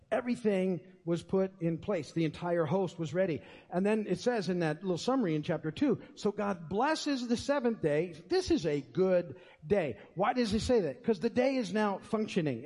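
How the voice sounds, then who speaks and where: A man's voice: sits high, warm tone, husky. A man preaching a sermon as pastor, in a conversational, folksy way. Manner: conversational, folksy, with many fillers and restarts. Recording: long reverb of a church hall.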